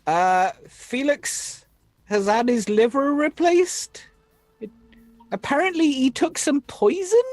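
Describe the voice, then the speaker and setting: A woman's voice: high-pitched, lively intonation, slow pace, a little mellow, no room sound, faint music behind. A woman voicing a tiny, boastful male alien engineer in a tabletop role-play, blustering and calling everyone mate. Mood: chatty.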